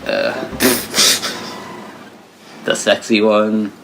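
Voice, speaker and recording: A man's voice: lowish voice, sing-song, very slow, creaky, poor audio. A man co-hosting a video game let's play, making dry, wisecracking asides in casual chat. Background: game music.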